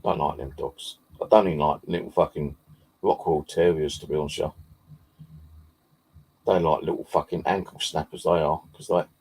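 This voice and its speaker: Man, low husky voice, dark tone, casual sweary storytelling. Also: steady tone, normal speed. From Bexley, southeast London. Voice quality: deep gravelly husky voice. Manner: heavy swearing, rambling with fillers. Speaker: paranormal vlogger. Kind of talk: casual rambling anecdote.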